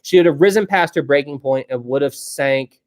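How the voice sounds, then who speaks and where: A man's voice: mid-range voice, fairly quick. A young man hosting a live stream, chatting casually and rambling as he reads viewer questions. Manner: rambling and chatty, often laughing. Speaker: livestream host.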